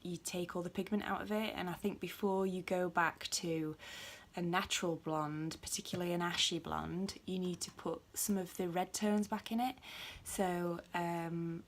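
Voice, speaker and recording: A woman's voice: fairly low pitch, steady tone, normal speed. Chatty British woman filming on a phone. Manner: chatty and rambling, many ums, muttered asides. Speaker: beauty vlogger. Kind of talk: casual home vlog. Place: at home indoors. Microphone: phone camera.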